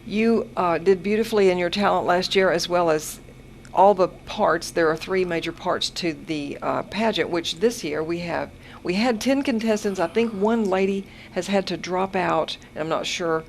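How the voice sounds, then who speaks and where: Chatty older woman radio host, gravelly. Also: lowish voice, normal speed, low-quality recording. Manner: chatty, laughs easily, has the hiccups. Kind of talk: casual radio interview. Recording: AM radio broadcast with faint noise.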